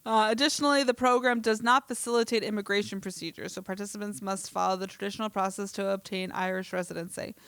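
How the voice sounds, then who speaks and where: A woman co-hosting a casual podcast, chatting and laughing easily. She reads articles aloud with small stumbles. Her voice is smooth and clear, middle in pitch, recorded dry with no room sound. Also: steady tone, fast, few pauses, fairly bright tone, no room sound. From New Jersey. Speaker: podcast co-host.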